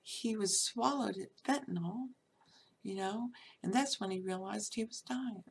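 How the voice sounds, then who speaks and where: A woman's voice: mid-range voice, measured pace, breathy edge. A woman talking in an unscripted monologue, emphatic and rambling, full of "you know" fillers, with scolding outbursts.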